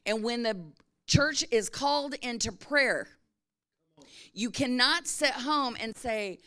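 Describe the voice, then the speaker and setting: A woman's voice: fairly high pitch, slow, sharp tone, clear, resonant tone. A middle-aged woman pastor giving a sermon in a conversational, storytelling way, often checking in with her congregation.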